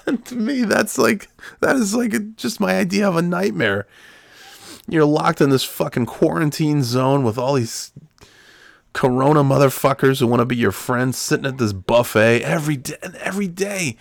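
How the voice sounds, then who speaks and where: A man's voice: fairly high pitch, normal speed, gravelly, no echo, clean studio sound. A middle-aged man hosting a podcast from home, ranting in an exasperated, profane way. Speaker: podcast host. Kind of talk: solo podcast rant. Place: home room.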